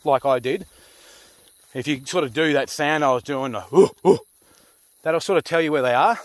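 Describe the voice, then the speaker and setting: A man's voice: a little high, brisk, fairly bright tone, no echo. A man with an Australian accent, a pig hunter and channel host talking casually to camera outdoors in the country, blunt and swearing freely. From Queensland, Australia. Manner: blunt, swearing, laid-back bush talk. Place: outdoors in rural cane country.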